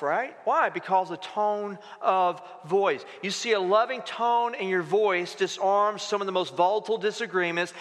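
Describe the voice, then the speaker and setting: A man's voice: sits high, sharp tone. A man in his forties preaching a sermon as a pastor, conversational and full of rhetorical questions. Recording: reverberant hall.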